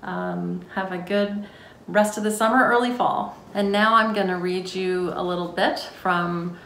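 Woman author, earnest, reflective, lower voice, roomy room, faint background hiss. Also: steady tone, a little slow, vocal fry, fairly bright tone. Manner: earnest, reflective, with filler words. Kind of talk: author talk before a reading.

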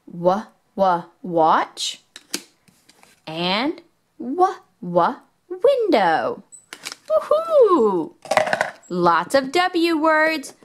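A woman hosting a children's toy video, slowly sounding out letters and words in a sing-song, excitable teaching manner. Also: mid-range voice. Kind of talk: children's educational toy demo.

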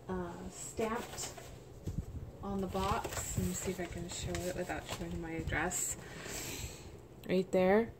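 A woman chatting casually as she unboxes a package, gushing and soft-spoken, at home. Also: on the low side. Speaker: doll collector vlogger. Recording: steady background hiss.

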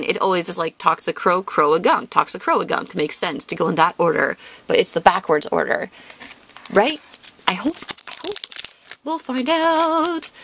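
A woman's voice: on the high side, a bit bright, slight background noise. A young woman chatting casually to viewers as she opens card packs, bubbly and squealing over cute cards. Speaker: card-opening vlogger.

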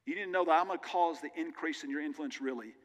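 Here a pastor with a fairly high voice preaches at a quick pace, earnest and conversational, sharing candid personal asides. The recording carries the long reverb of a large church hall.

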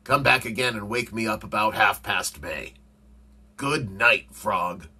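Man doing a slow, sleepy grumpy toad. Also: fairly low pitch, pushed and bright, breathy edge, heavily acted. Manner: slow, drowsy and reluctant. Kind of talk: storybook read-aloud.

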